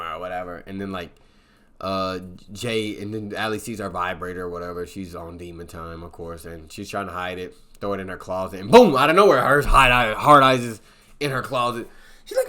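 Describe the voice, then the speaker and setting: Casual male film reviewer with a low voice who rambles through the plot on filler words. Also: pushed and bright. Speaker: movie reviewer.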